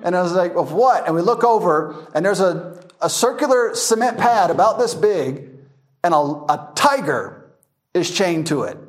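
A man's voice: sits high, normal speed. A man teaching a verse-by-verse Bible class, telling funny stories with frequent laughter. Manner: laughing storyteller, animated anecdotes.

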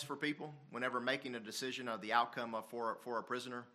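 A man preaching a sermon, swinging between loud emphatic passages and quiet, confessional ones, reading scripture aloud. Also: medium pitch, fairly even intonation, quick pace, few pauses. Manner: reads King James scripture aloud.

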